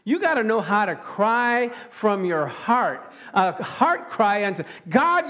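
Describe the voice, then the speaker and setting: Male preacher with a high voice, lively delivery, frequent laughs and calls of "amen?". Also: slow pace, hardly any pauses. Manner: animated, chuckling, calling out "amen?" to the congregation. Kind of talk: sermon.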